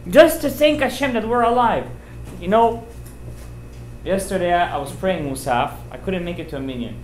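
A man, a rabbi giving an informal sermon, telling stories with emphatic, animated delivery and sprinkling in Hebrew and Yiddish terms. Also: sits high, normal speed, a little hiss or hum. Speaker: rabbi giving a Torah class. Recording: roomy echoey room.

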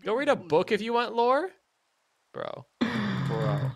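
Young man, gaming streamer, lively bouncing pitch, fairly high voice, dry close mic, excitable rambling chat. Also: takes it slowly, husky, no echo. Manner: excitable, rambling, puts on silly voices while ranting.

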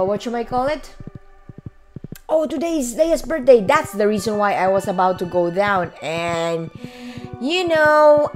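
A woman casually commenting on her own gameplay, chatting to herself and her viewers as she plays. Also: a little high. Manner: chatty, talks to herself and viewers while playing. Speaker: gaming channel host. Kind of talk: casual let's-play commentary. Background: faint game music.

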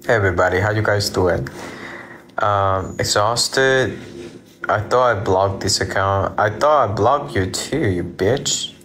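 A man's voice: fairly low pitch, a little slow, a bit bright, slight background noise. A drowsy man casually chatting with viewers on a livestream from home, rambling and greeting people. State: sleepy, drowsy. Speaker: livestream host. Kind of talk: casual live-stream chat.

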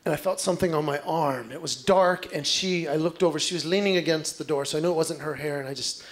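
A male stand-up comedian performing a routine, telling stories in an animated way with exaggerated outbursts. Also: fairly high pitch, fast. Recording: live stage recording with background noise.

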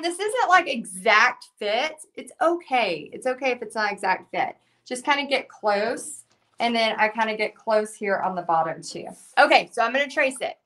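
A woman's voice: a little high, fairly bright tone. A middle-aged woman, chatting in a bubbly way as she runs a live painting lesson and reads out viewer comments. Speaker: painting instructor. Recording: voice a bit distant from mic.

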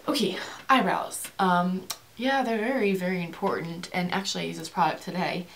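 A young woman chatting fast and rambling through a beauty product review, with many fillers and restarts, speaking to camera. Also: lowish voice, fairly even intonation, slight background noise. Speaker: beauty vlogger.

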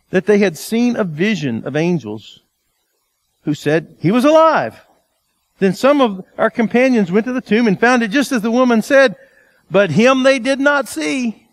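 A male pastor preaching a sermon in an animated, conversational way, asking the congregation rhetorical questions. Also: very high voice, no room sound.

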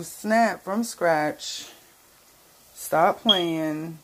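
A woman's voice: lowish voice, unhurried, husky, poor audio. A woman hosting her own cooking channel, with a playful, sassy manner, talking straight to viewers as she cooks in her home kitchen. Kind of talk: casual cooking demo.

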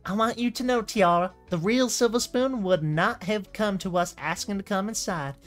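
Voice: medium pitch, moderate pace, faint music behind, voice pushed up, natural voice. A reader voicing a cruel young filly pony, talking close to their own voice with no accent put on, in a dramatic comic reading. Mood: coolly cruel.

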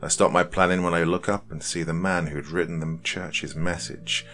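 Very deep-voiced male horror narrator. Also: steady tone, faint music behind. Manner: measured, dark storytelling delivery. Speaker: horror podcast host and narrator. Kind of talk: dramatic horror story narration.

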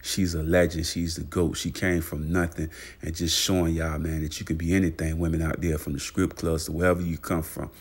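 A man with a very deep, gravelly voice hosts a casual celebrity news vlog. His pitch stays low and flat as he piles on fillers, shout-outs and hype for his viewers. His delivery repeats itself and runs loose and conversational. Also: brisk. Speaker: channel host.

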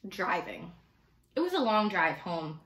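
A woman teacher reading a novel aloud to children in a steady, expressive way. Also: fairly low pitch, a little slow, roomy sound, slight background noise.

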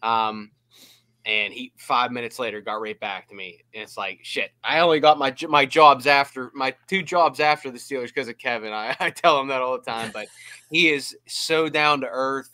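A man with a bright, forceful voice tells stories on a podcast, slipping into impressions and laughing along the way. The sound is dry and close, with no room in it. He talks casually, as a regular co-host would. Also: mid-range voice, normal speed, no room sound. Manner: animated storyteller who slips into impressions and laughs. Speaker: podcast co-host, former team staffer. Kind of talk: casual storytelling chat.

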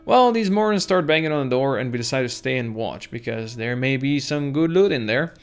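A man's voice: medium pitch, animated, a little fast, clean tone, soft background music, lightly acted. A man voicing a drunk, burly old retired tech hunter who rambles on in a folksy, boozy way while telling stories. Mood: storytelling.

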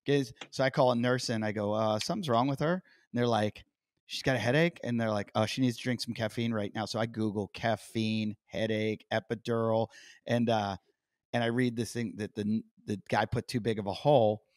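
A middle-aged man hosting a podcast, telling stories in a casual, animated way and acting out quotes. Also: on the low side, normal speed, no echo, clean studio sound. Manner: animated storyteller, acts out quotes loudly. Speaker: podcast host. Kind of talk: casual interview chat.

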